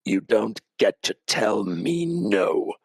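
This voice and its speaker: A man voicing a menacing male dark lord who reads out a soul contract and threatens its bearer. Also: on the low side, big pitch swings, slow, creaky, slightly rough, no echo, exaggerated voice. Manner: pompous, then coldly threatening.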